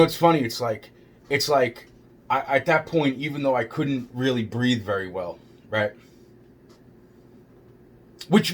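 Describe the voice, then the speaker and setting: A man's voice: mid-range voice, husky. Agitated, profane man telling a story. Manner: heavily profane, agitated, repetitive. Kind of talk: rambling first-person storytelling.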